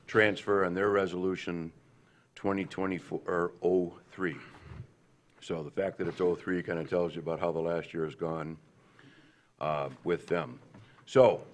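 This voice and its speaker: A man, a county commissioner, speaking at a public board meeting in a halting, rambling way with many fillers and restarts. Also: low-pitched.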